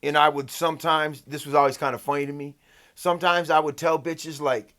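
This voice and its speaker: A man's voice: a little high, little pitch movement, a little fast, a bit bright. A man telling a personal story in a casual, profane, rambling way, often asking "right?". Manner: rambling, loose, peppered with "like" and "right?". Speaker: storyteller vlogger.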